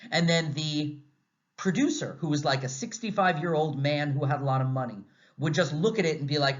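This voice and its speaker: An American man lecturing a class in a conversational, animated way, asking lots of rhetorical questions. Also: on the high side, brisk. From United States. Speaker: university lecturer. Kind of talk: recorded lecture. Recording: slightly dull, muffled audio.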